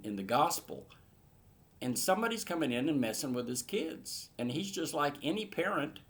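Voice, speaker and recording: A man teaching verse by verse through a Bible passage in an earnest manner, rising to emphatic bursts. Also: mid-range voice.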